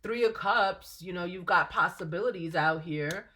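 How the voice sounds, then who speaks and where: A woman's voice: fairly low pitch, normal speed, sharp tone. A woman giving a casual tarot reading to camera, chatty and reassuring, often laughing and trailing off with fillers. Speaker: tarot reader.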